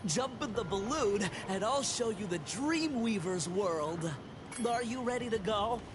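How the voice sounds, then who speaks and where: A man's voice: high-pitched, lively intonation, a little slow, background noise. A man voicing a friendly male game character who cheerfully offers a balloon ride. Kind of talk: video game dialogue.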